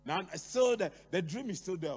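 A middle-aged man preaching a sermon, talking to the congregation with lively rhetorical questions and asides. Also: high voice, moderate pace, slightly rough. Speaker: pastor. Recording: long hall reverb, faint hum.

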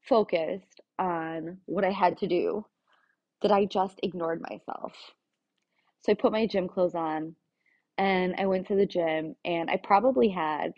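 A woman talking frankly in a casual personal monologue, confessional and plain-spoken, with the odd swear word. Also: on the low side. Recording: dull lo-fi recording.

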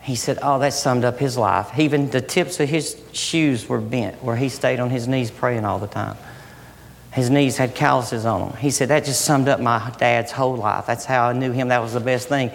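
A man's voice: mid-range voice, moderate pace, creaky, slight background noise. Impassioned preacher man in a reverberant hall. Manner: impassioned, rising and falling between loud emphasis and soft near-whispers. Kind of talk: sermon.

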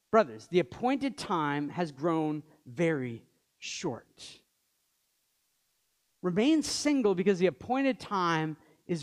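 A man in his thirties preaching a sermon in a conversational way, with joking asides. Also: high-pitched. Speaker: pastor.

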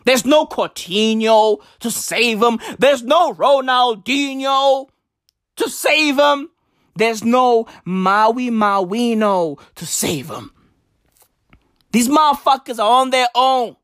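A woman's voice: mid-range voice, expressive, a little slow, no room sound, clean studio sound. A woman delivering a profane comedic rant in a drawling, slangy voice with lots of repetition. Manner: drawling, slangy, swears a lot, repeats lines. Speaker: comedic ranter.

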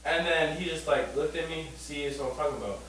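A young adult man in casual chat, retelling a story in a quiet, slangy way. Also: a little high, quick pace. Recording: echoey, off-mic, faint hum.

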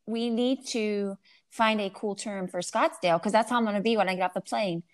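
A woman's voice: medium pitch, a little fast. A woman in her forties co-hosting a podcast, playful and teasing, slipping into silly voices. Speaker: podcast co-host. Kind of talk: casual chat.

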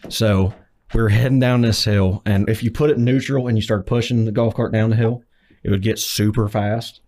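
A young man with a fairly low voice hosts a relaxed conversation. He tells his stories with energy and keeps the talk moving along. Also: moderate pace. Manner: animated storyteller. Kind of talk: casual chat.

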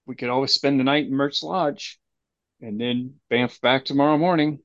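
A man's voice: medium pitch, steady tone, moderate pace, fairly bright tone, no echo. Rambling man on a dull lo-fi mic. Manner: rambling, with many restarts. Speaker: player. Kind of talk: playing a tabletop game over a call.

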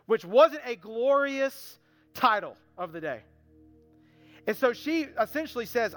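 In a reverberant church hall with a band playing, a man preaches a sermon in a very high, expressive, slightly bright voice. He takes it slowly, earnestly acting out quoted voices and repeating phrases to drive points home.

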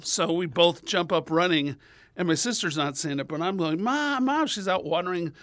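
A man with a fairly high voice tells a long funny story as a radio guest, and he is lively and animated. He acts out the people in the story with sudden jumps up in pitch. The sound is dry and close, with no room around it. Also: moderate pace, no room sound.

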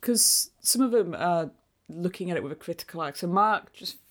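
A woman's voice: fairly low pitch, expressive, moderate pace. A woman in casual chat, adding thoughtful comments about a film. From England.

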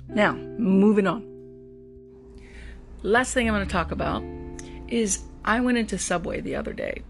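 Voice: medium pitch, gravelly. A rideshare driver talking through a casual, reflective monologue, often repeating words while searching for the next thought. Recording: guitar music playing under the voice. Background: guitar music.

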